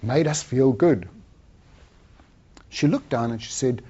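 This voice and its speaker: A man's voice: medium pitch, slow, slightly rough, lo-fi sound. A man giving a motivational talk as a sales trainer, telling stories and acting out the dialogue. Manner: animated storyteller acting out dialogue.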